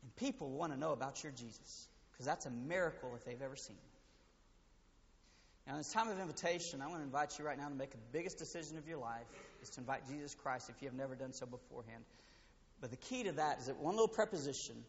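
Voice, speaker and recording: A high-pitched male pastor preaching a sermon, his voice swinging between booming emphasis and hushed, intimate passages. The sound is dull and muffled, carried through a long, echoing sanctuary reverb. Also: expressive, fast. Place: church sanctuary.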